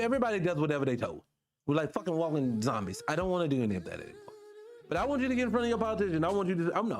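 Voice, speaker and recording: A man hosting a live online show, fired up and profane as he talks straight to his viewers. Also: fairly high pitch. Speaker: show host. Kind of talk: livestream commentary rant.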